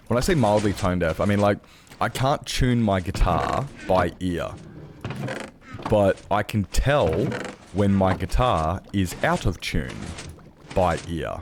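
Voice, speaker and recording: A man's voice: deep voice, noisy background. A man streaming, chatting casually with viewers, rambling and correcting himself, swearing freely. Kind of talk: casual chat with live chat.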